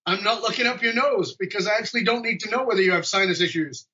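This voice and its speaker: A man with a fairly high, bright voice chats as a podcast guest, animated and joking. He tells stories in a relaxed, conversational way. The sound is lo-fi, as it comes through a video call. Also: quick pace. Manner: animated, jokey, acts out quoted dialogue. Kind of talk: conversational storytelling.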